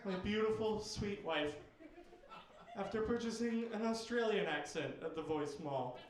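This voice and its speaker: A man doing stand-up comedy on a club stage, with a halting, awkward deadpan delivery full of pauses. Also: high voice. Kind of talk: stand-up routine. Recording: echoey club with background noise.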